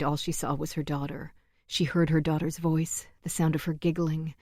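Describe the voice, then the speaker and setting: Woman, audiobook narration, measured, tense, close dry recording. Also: sits low, dark tone, dry recording.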